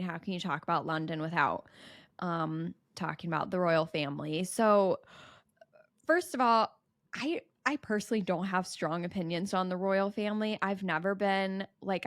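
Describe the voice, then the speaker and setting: Brief: young American woman, co-host, thoughtful and measured, dry close mic. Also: lowish voice, dry recording. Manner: measured, explains her views at length. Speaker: podcast co-host. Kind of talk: casual chat.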